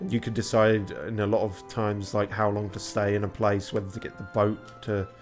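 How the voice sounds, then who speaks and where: A man's voice: lowish voice, level tone, normal speed, faint music behind. Tired young man streaming a game. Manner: tired, chatty, swears casually. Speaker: streamer playing a video game. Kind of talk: casual commentary.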